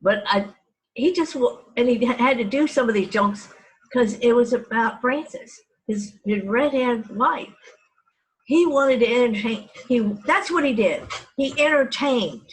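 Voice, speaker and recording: A woman's voice: on the high side, expressive, a little slow, poor audio. Older woman from Texas, meandering reminiscence. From Dallas, Texas. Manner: meandering, frequent restarts and self-corrections. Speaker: family storyteller. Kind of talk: reminiscing oral history.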